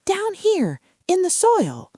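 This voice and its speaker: A woman's voice: very high-pitched, huge pitch swings, slow, dark tone, no room sound, clean studio sound, pitched above the performer's own voice, full character voice. Pip, a woman voicing a tiny shy sprout. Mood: timid. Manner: shy, stammering. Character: tiny shy seedling sprout, small and timid.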